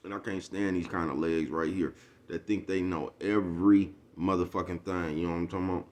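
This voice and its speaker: A man's voice: sits low, steady tone, fairly quick, a little mellow. A man ranting casually to his viewers in street slang, profane and preachy, forever asking if they know what he's talking about. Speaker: vlogger. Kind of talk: casual rant to the camera.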